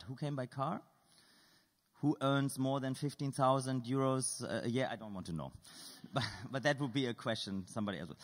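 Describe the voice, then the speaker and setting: A man's voice: mid-range voice, long reverb tail. A man giving a lecture at an art school, playfully polling the audience with show-of-hands questions and dry humor.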